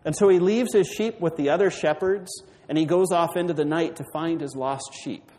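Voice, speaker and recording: A man's voice: fairly high pitch, normal speed, dark tone, long reverb tail, low-quality recording. A man preaching a sermon, retelling a story and putting questions to the congregation. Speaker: pastor.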